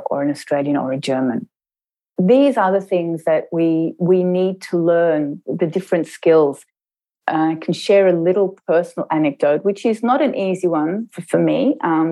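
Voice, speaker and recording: A middle-aged woman, an intercultural trainer, telling a personal story in a reflective interview and slowing down to stress her points. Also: low voice, warm tone, low-quality recording. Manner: measured, slows down to stress points.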